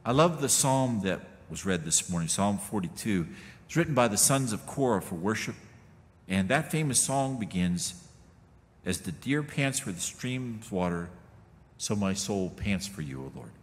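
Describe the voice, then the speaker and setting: A middle-aged male pastor gives a sermon in a relaxed, folksy manner. His voice swings widely in pitch as he talks to the congregation. The sound rings with the long reverb of a church sanctuary. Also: normal speed. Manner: folksy, conversational preaching with many asides.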